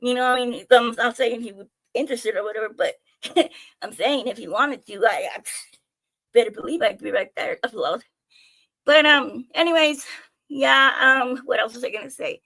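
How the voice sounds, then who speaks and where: A young woman streaming live, telling her own stories in an animated, chatty way with plenty of swearing and jokes at her own expense. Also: on the high side, normal speed, vocal fry. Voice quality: animated, chatty, swears freely, self-mocking. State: out of breath. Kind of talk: casual storytelling to viewers.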